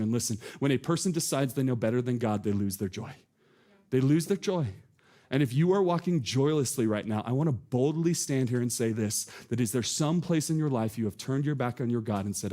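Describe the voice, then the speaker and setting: A man's voice: a little high, a little mellow. A man preaching a sermon from a church stage, earnest and conversational, asking the congregation questions. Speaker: pastor.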